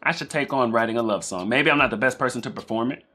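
A man hosting a live-stream reaction, chatting casually and thinking out loud in a rambling way. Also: medium pitch, quick pace, breathy edge, soft background music.

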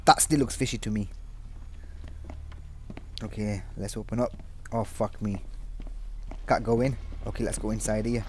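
A man's voice: fairly low pitch, steady tone, normal speed, pauses often, a little hiss or hum. A young man doing let's play commentary on a horror game, swearing constantly and yelping in panic. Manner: jumpy, swears constantly, yelps and shouts in panic. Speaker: gaming commentator.

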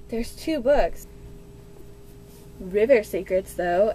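A woman in her twenties, gushing and excitable in a casual unboxing vlog at home, with gasps and squeals. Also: a little high, slow, pauses often, slight background noise. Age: 20s. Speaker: book vlogger.

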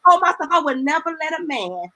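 A woman's voice: sits high, sing-song, fast talker, background noise. A woman evangelist, a guest on the show, telling her personal testimony in an earnest, emotional, colloquial storytelling way.

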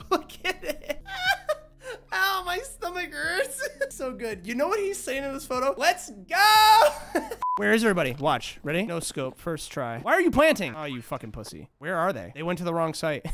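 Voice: mid-range voice, big pitch swings, a little slow, fairly bright tone. A streamer chatting casually on stream, laughing often and swearing playfully. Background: faint lo-fi music.

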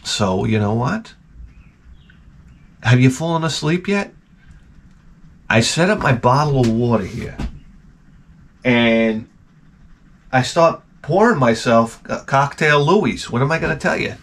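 Man ranting in a lively, profane ramble. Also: mid-range voice, slow, long pauses. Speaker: channel host. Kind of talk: casual rambling monologue.

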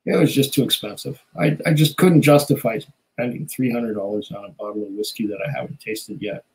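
A man's voice: fairly low pitch, fairly even intonation, brisk, a little mellow, rough recording. Chatty, rambling man hosting a stream. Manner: rambling, chatty, many fillers and small laughs. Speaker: live stream host reading chat. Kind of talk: casual chat.

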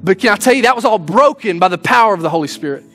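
A man's voice: high voice, expressive, very fast, a bit bright, faint music behind. A man preaching a sermon in an earnest, folksy way, restarting his words as he goes. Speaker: pastor. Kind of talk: sermon with closing prayer.

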